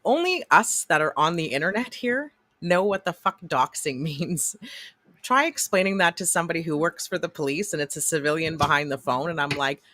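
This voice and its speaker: A woman from Canada co-hosting a livestream chat, talking in an animated way with plenty of swearing. Her voice is bright, with a dry close sound and no room around it. She acts out the people in her stories. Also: low-pitched, brisk, dry recording. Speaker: co-host.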